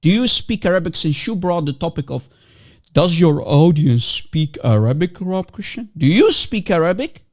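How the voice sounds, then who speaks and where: Very animated and at a moderate pace, the man's voice is fairly high yet a little mellow. Hosting a fiery online debate stream, he mocks his opponent, fights hard, and keeps hammering away at the same question.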